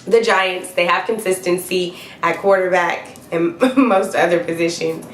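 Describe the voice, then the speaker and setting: Sick, coughing woman with a low voice. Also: measured pace, a little hiss or hum. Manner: chatty, laughs between picks, says y'all. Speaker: vlogger giving football picks. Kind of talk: casual to-camera picks vlog. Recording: echoey room.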